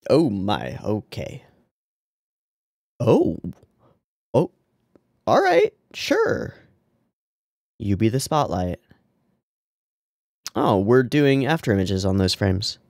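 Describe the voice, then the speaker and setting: A man's voice: fairly low pitch, sing-song, slow pace, pauses often, a little mellow, no room sound, studio quality. A man hosting an anime reaction video, swearing, laughing and talking back to what he watches. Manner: swears often and talks back to the screen; laughs and reads on-screen lines aloud. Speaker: anime reaction channel host. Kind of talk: casual reaction commentary.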